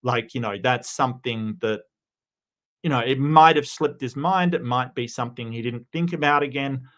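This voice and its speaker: An Australian man talks casually on a livestream in a mid-pitched voice. He rambles loosely, restarts his sentences often and greets viewers by name between comments. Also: normal speed, fairly bright tone. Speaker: livestream host.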